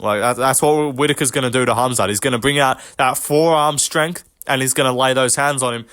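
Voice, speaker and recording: Casual sweary fight pundit. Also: male voice, mid-range voice, brisk, hardly any pauses, fairly bright tone. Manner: loose, sweary banter with frequent fillers. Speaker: MMA commentator.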